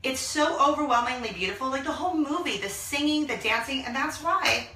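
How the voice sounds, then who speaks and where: A woman in her thirties chats excitedly to her viewers, her bright voice swooping high and low. She is recorded from a little way off, in a small laundry room that rings with echo. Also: brisk, faint music behind. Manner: gushing, excitable, bursts into song. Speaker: vlog host. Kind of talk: casual chat to viewers. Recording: echoey small room, mic at a distance.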